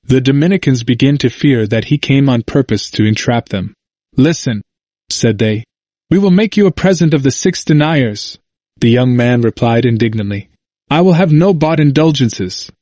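A man reading a historical narrative aloud in a steady, measured way. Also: medium pitch, no echo, studio quality. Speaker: audiobook reader. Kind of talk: scripted narration.

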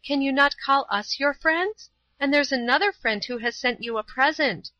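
An earnest, kind young woman who pleads warmly and eagerly, as a woman reader voices her. The voice is bright and high. The recording is dry and somewhat dull. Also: moderate pace, no room sound. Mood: earnest, pleading.

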